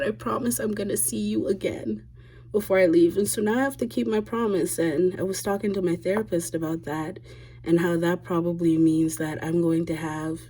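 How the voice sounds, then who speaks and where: Candid, blunt young woman vlogger. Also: on the low side. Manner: candid and blunt, swears freely, animated quoted asides. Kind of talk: casual confessional storytelling.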